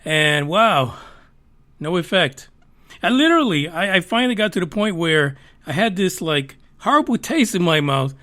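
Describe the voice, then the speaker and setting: A man's voice: high voice, very animated, moderate pace, sharp tone. A man hosting a live podcast stream, chatting casually in a rambling, profane, joking way after a few drinks. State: tipsy from drinking. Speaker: podcast host.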